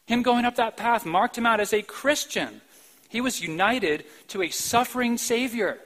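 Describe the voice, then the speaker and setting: High-voiced emphatic male preacher. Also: animated, husky, rough recording. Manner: emphatic preaching with sudden loud outbursts and soft, slow stretches. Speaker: pastor. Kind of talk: sermon. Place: church sanctuary, live-streamed.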